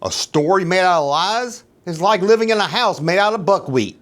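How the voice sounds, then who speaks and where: A mock-wise sitcom dad, as a man puts him on, delivers nonsense proverbs with solemn fatherly gravity. The voice sits a little high for a man. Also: lively intonation, moderate pace, fairly bright tone.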